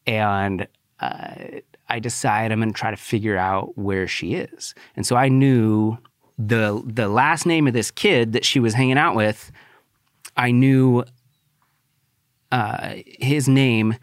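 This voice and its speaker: Man, low-pitched, casual storytelling, profane, animated, dry sound. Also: takes it slowly, no room sound. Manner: profane, animated, rising to high-pitched outbursts.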